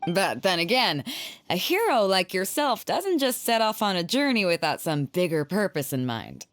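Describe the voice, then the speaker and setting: An actress playing a bold, confident female pirate captain who speaks in a commanding, low, steady way in a video game. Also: moderate pace, slight background noise, close to an everyday voice.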